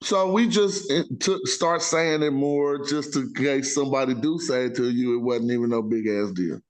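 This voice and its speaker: A man's voice: mid-range voice, moderate pace. A man hosting a casual talk show, rambling in loose street slang with frequent self-interruptions. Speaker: podcast host. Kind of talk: casual chat.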